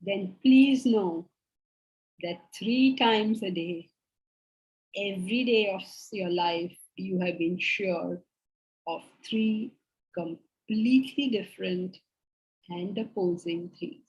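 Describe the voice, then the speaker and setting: In poor-quality audio, a woman with a mid-range, slightly mellow voice teaches a philosophy class slowly. She's a spiritual teacher who presses emphatic points and asks her students rhetorical questions.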